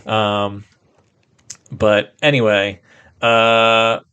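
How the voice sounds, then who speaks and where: A man's voice: fairly low pitch, little pitch movement, drawn-out words, sharp tone, clear, resonant tone, dull audio. A man co-hosting a podcast, chatting casually about a movie, rambling with many fillers and restarts. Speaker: podcast co-host. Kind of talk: casual movie review chat.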